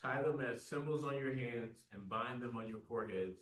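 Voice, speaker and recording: A pastor reading a scripture passage aloud in a steady, measured way. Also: male voice, medium pitch. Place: church classroom. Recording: quiet, roomy, far from the mic.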